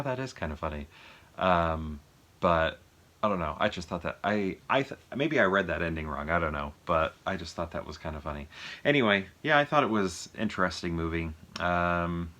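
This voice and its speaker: Low-voiced man chatting loosely. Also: bright, forceful tone. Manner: rambling, filler-heavy, chuckling. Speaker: movie review vlogger. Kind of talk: casual chat.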